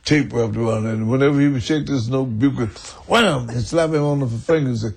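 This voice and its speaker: A man's voice: mid-range voice, a little fast, creaky, few pauses, a little mellow. An older man telling stories in an interview, rambling and chuckling as he goes. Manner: rambling, chuckling, restarts often. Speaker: interview guest. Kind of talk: storytelling in an archive interview.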